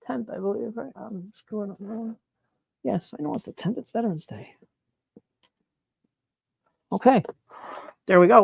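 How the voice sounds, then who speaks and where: A man chatting excitedly on a live stream as he works on his mushroom grow, laughing and apologizing often. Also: sits high, gravelly, no echo. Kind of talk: live-stream chat while working. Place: grow room, indoors.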